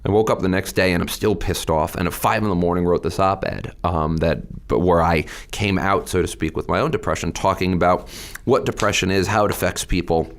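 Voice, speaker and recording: A man's voice: deep voice, fairly quick. A middle-aged man, a state representative, telling his story candidly in a podcast interview.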